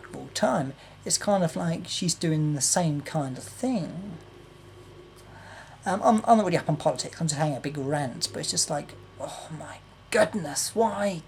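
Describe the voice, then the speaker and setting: A woman's voice: fairly low pitch, a little mellow, slight background noise. A young woman ranting to camera, exasperated and repetitive, with some swearing. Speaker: vlogger. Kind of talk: political rant to camera.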